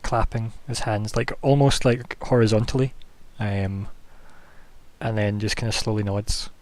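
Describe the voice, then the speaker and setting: A man's voice: fairly low pitch, fairly even intonation, measured pace, darkish tone. A man narrating as game master, describing scenes loosely with many fillers.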